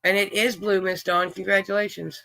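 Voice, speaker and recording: A man's voice: high-pitched, level tone, normal speed, creaky, pushed and bright, no echo. A man hosting a livestream game, chatting in a folksy way and greeting viewers by name. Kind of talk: casual livestream chat, reading viewers' names.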